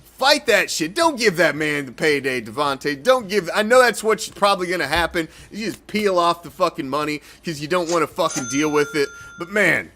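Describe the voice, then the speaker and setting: A man's voice: a little high, expressive, moderate pace, pushed and bright, faint music behind. A man hosting a sports fan show, ranting heatedly and swearing in an exasperated way. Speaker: sports podcast host. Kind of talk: profane fan reaction rant.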